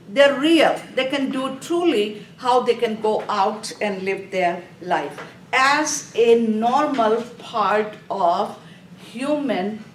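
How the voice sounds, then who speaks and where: A woman instructor giving a classroom review lecture, asking questions, answering them herself and telling students to underline key words. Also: mid-range voice. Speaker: nursing exam review instructor. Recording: echoey room, voice from a distance, faint noise.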